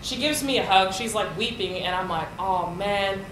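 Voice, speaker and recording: Animated woman storyteller in echoey hall. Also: mid-range voice, fairly quick. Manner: animated storyteller, acts out quotes, laughs often. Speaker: poet giving a lecture. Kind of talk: storytelling talk. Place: lecture hall. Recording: echoey hall with room noise.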